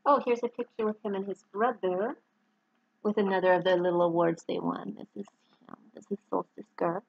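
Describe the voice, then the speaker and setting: A woman's voice: mid-range voice, fairly even intonation, fairly quick, gravelly, husky, no echo, muffled recording. A middle-aged woman talking in a rambling, heartfelt personal vlog, getting choked up at times. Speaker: author and dog owner. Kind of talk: personal vlog, showing photos to camera.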